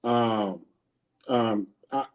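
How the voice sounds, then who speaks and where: A man co-hosting a podcast, asking a guest questions in a halting, repetitive way. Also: fairly low pitch. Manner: halting, repeats himself while asking. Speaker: podcast co-host, coach. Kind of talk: casual interview chat.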